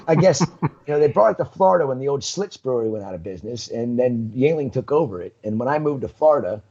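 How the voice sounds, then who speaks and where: A man's voice: mid-range voice, expressive, fast talker, darkish tone. A man guest on a live talk show, chatting loosely and telling stories with plenty of fillers, heard over a video call. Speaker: guest, coral business owner. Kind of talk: casual chat. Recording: muffled lo-fi audio.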